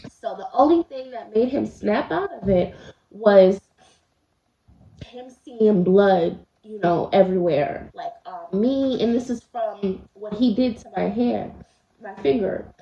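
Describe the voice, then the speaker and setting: Her voice medium-pitched and touched with vocal fry, a woman vlogger speaks slowly as she eats and tells her viewers a personal story. She's chatty and confiding, talking right to them, in a roomy, somewhat dull home recording.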